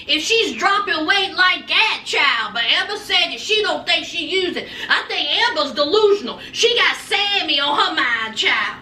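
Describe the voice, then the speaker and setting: A woman's voice: very high voice, animated, moderate pace, few pauses, sharp tone, recorded from a distance. A woman giving sassy, gossipy commentary in a reality TV recap vlog. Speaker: recap vlogger. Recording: echoey room, off-mic, faint noise.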